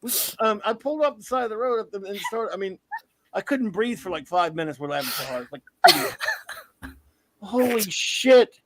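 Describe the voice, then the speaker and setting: A man in his fifties hosting a casual comics talk stream, an animated storyteller who often breaks into laughter. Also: sits high, fast talker, background noise. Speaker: comics podcast host. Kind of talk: casual live-stream chat.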